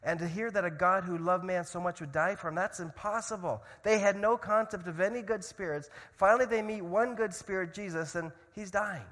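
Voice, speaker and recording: A man preaching a sermon as a missionary, swinging from loud urgency to hushed storytelling. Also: high-pitched, a little fast, few pauses, in a large hall. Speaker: missionary speaker.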